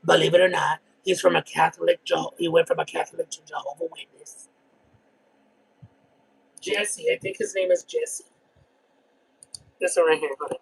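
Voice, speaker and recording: A man doing a brash trailer-park woman with a gravelly, husky voice that sits a bit high. She rambles crudely through her gossip, and her pitch jumps all over. It plays as a comedic character monologue. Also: animated, moderate pace, long pauses, heavily acted, poor audio.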